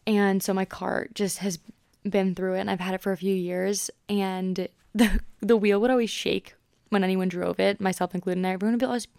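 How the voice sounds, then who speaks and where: Twenty-something girl podcasting, super casual and chatty, pretty flat melody, dry close sound. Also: medium pitch, normal speed, vocal fry, clear, resonant tone, no room sound. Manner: chatty, upbeat, many "like" fillers. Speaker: podcast host. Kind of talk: casual solo podcast talk.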